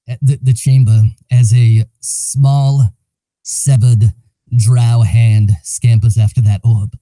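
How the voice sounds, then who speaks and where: A man's voice: mid-range voice, mellow, no room sound. A man playing a tabletop game, talking casually and animatedly, laughing often and swearing now and then. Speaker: player.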